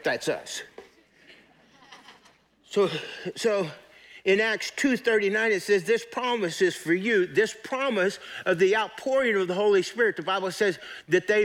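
A man with a fairly high voice preaches a sermon in a church service. He talks in a conversational way, stopping to ask the congregation questions and waiting on their answers. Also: a bit bright. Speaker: pastor.

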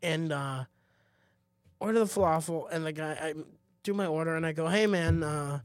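A man's voice: a little high, normal speed, no echo, clean studio sound. A man co-hosting a casual podcast chat, telling stories and acting out the voices of people in them. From Austin, Texas. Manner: animated storyteller, acts out quoted voices. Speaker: podcast co-host.

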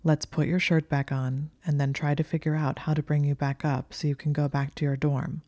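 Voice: medium pitch, flat delivery, normal speed, a little mellow, dry recording, clean studio sound, close to an everyday voice. A reader voicing a sardonic, exasperated young male wizard in an audiobook reading, with clipped, strained, firm delivery. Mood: worried.

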